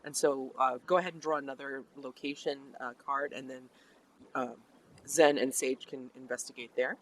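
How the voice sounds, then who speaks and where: A game master narrating a tabletop role-playing session in a chatty, animated way with many fillers. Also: medium pitch, normal speed, poor audio.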